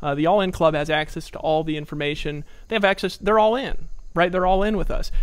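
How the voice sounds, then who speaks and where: A man's voice: a little high, gravelly. A man giving a sales training talk with lots of energy, acting out his old phone calls. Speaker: network marketing trainer.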